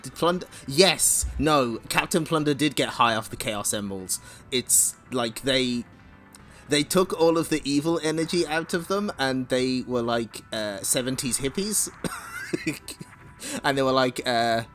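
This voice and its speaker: A man's voice: mid-range voice, a little slow, fairly bright tone, faint music behind. A man hosting a casual comic read-along stream, laughing often and making wry asides. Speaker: streamer reading comics aloud.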